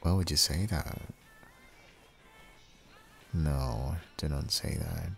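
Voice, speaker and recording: Super deep gravelly guy doing whispered role-play, soft and comforting. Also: takes it slowly, faint music behind. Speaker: ASMR role-play husband.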